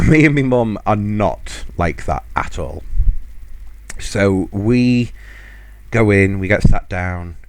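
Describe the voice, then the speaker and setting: A man's voice: on the low side, animated, takes it slowly. A man hosting a podcast, chatting casually and laughing often as he tells a story. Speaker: podcast host.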